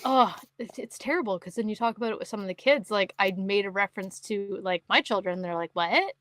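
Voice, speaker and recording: Lively storytelling woman, dry close mic. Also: mid-range voice, quick pace, no echo. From Canada. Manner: animated storyteller, acts out quotes, laughs often. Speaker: podcast co-host. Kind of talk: casual chat.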